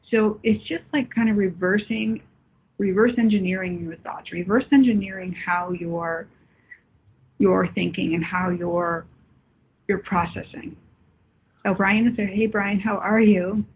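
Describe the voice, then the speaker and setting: A woman hosting a spiritual call-in show, chatting warmly with callers and viewers and calling them love. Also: mid-range voice, fairly even intonation, measured pace, breathy edge. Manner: warm, affectionate, calls people love. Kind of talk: live call-in talk with viewers. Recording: phone-like lo-fi line.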